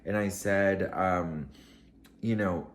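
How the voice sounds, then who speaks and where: A man's voice: sits low, fairly even intonation, takes it slowly. A man vlogger telling a story to camera in a casual, gushing, emotional way, rambling with many fillers.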